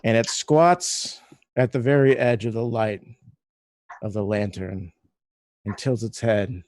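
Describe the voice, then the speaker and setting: A man narrating eerie scenes as game master with many pauses and fillers. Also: lowish voice, steady tone, a little mellow, dry recording.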